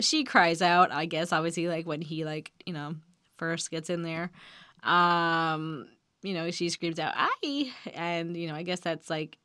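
Low-voiced woman giving chatty commentary. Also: a bit bright, clean tone, no echo, clean studio sound. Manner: chatty, giggly, many filler ums. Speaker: host breaking down song lyrics. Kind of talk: casual commentary.

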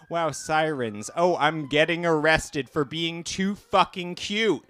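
Bright, clear-voiced comedian doing stand-up. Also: male voice, on the high side, slow pace, hardly any pauses. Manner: self-deprecating, camp, jokey asides. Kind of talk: live stand-up set. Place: small cafe comedy stage.

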